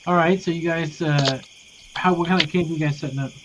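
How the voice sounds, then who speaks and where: A man narrating as game master, describing scenes loosely and haltingly. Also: fairly high pitch, fairly even intonation, background noise.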